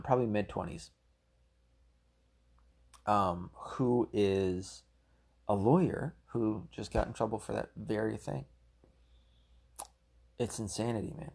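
Gravelly, profane man ranting. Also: fairly low pitch, darkish tone. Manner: heated, profane, rambling. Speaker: political commentator. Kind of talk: ranting solo commentary.

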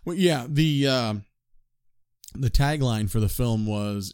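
A man's voice: medium pitch, slow, a little mellow, clear, resonant tone. A man co-hosting a film podcast in casual chat, wry and conversational. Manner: conversational, wry, asks listeners for input. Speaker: podcast co-host.

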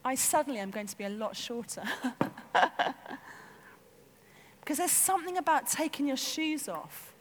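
A woman preaching a sermon in an animated, chatty way, peppering her talk with "like". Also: high-pitched, moderate pace, long pauses, a little hiss or hum. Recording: long hall reverb.

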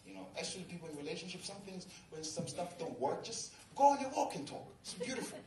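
A young man from Tanzania doing stand-up, telling a story in an animated way, acting out quotes and often laughing as he talks. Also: sits high, fast talker, vocal fry. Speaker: stand-up comedian. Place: large venue with live audience. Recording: echoey live venue, distant mic, loud crowd and noise.

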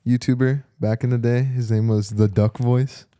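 A man's voice: medium pitch, steady tone, moderate pace, dark tone, no room sound, studio quality. A young man co-hosting a podcast, telling a rambling story with lots of restarts in casual chat. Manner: rambling, laid-back, trailing restarts. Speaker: podcast co-host.

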